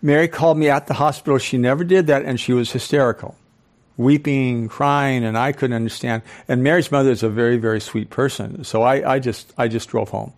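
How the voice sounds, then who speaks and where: An older man giving a live lecture to an audience as a speaker and professor, animated, often quizzing listeners with questions. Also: mid-range voice, fairly quick. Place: club hall with a live audience.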